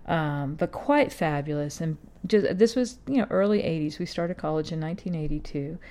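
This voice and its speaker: A woman's voice: deep voice, normal speed, dark tone. A woman in her fifties hosting a podcast, talking in a casual, meandering way full of fillers and restarts. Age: 50s. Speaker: podcast host. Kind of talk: casual rambling monologue.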